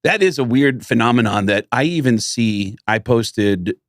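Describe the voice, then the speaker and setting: A middle-aged man, a comedian co-hosting a podcast, chatting casually and telling stories with lively put-on voices. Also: normal speed, no room sound, studio quality. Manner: animated, jumps into high quoted voices when retelling stories. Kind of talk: casual chat, storytelling.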